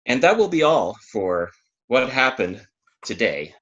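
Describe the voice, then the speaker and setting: A man co-hosting a chatty podcast, reading out odd history facts with a playful, giggly delivery. His voice is bright and sits in a middling pitch. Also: big pitch swings, a little slow. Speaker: podcast co-host. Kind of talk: casual podcast chat.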